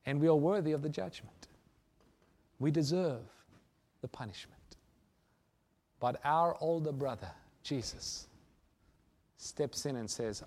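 A man preaching a sermon and telling a story, swinging from loud emphasis to hushed near-whispers. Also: mid-range voice.

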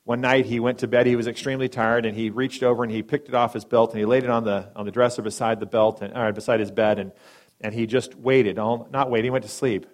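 Preacher man swinging from loud to hushed. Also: mid-range voice, fairly even intonation, fast talker. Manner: dramatic, swings between loud emphatic lines and hushed soft ones; acts out quoted speakers in brief voices. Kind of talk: sermon storytelling.

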